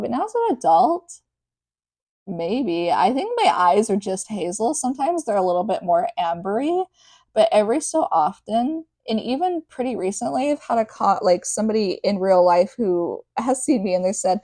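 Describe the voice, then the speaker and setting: A woman's voice: mid-range voice, expressive, moderate pace, dark tone, no echo, studio quality. Chatty young woman recapping a book. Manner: chatty, rambling with many fillers and tangents. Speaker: podcast host. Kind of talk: casual book recap podcast.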